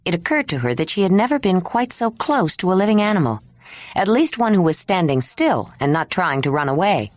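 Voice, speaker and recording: A woman narrating an audiobook in an expressive reading style. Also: on the low side, brisk, dry recording. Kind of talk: scripted narration.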